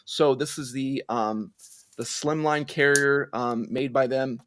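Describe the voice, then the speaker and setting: A man's voice: medium pitch, slow pace, slight background noise. A man co-hosting a casual podcast, telling stories with lots of laughs and filler "like". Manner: animated, laughing storyteller. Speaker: podcast co-host. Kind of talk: casual chat.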